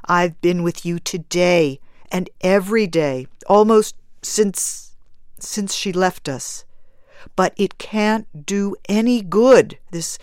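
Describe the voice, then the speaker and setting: A gentle, worried husband who coaxes his wife with tender patience. A woman narrator reads him in her own unhurried, dry voice. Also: fairly low pitch, no echo. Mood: coaxing. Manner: gentle, coaxing.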